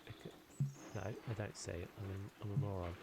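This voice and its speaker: A man's voice: low voice, little pitch movement, fairly quick, gravelly, background noise. A man giving casual, self-deprecating commentary as he plays, thinking aloud and muttering to himself. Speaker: gameplay video creator.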